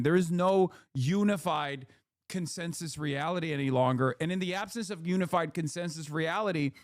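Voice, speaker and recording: A man's voice: fairly high pitch, a little mellow, no room sound, clean studio sound. A man ranting sarcastically and with profanity as a political commentator on a casual livestream. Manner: heated, profane, sarcastic rant.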